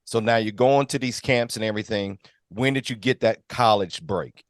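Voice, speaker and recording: Low-voiced host, dry close sound. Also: male voice, no room sound. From California. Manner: relaxed, reflective, quick reactions and laughs. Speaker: podcast host. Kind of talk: casual interview chat.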